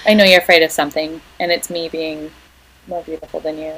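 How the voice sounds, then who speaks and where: A woman's voice: low voice, flat delivery, quick pace, a bit bright, low-quality recording. A young woman co-hosting a podcast in casual chat, chatty and teasing, lingering over small details. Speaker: podcast co-host.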